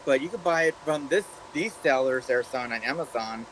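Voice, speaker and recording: A man's voice: medium pitch, a little fast, fairly bright tone, slight background noise, poor audio. A man in casual group chat, explaining things patiently with frequent fillers.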